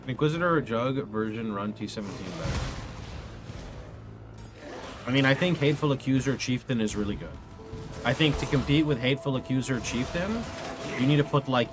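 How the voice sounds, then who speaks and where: A man streaming a game live, chatting casually and answering viewer questions. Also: medium pitch. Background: background music.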